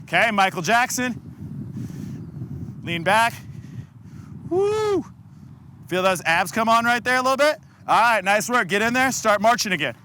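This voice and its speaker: Bright energetic male fitness coach. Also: sits high, normal speed, a little hiss or hum. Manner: energetic, coaching cues and countdowns. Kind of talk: follow-along workout instruction.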